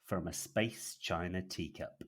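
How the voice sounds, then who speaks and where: A man co-hosting a comedy podcast, reading out a comic story he wrote, animated and laughing at his own jokes. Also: sits low, unhurried, slight background noise. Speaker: podcast co-host. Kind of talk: reading a comic written scheme.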